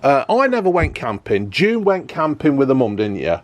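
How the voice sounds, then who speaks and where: A man's voice: mid-range voice, big pitch swings, moderate pace, a little hiss or hum. A man chatting casually to camera about his camper van build, joking and filling gaps with ums and uhs. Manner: chatty, joking, lots of fillers.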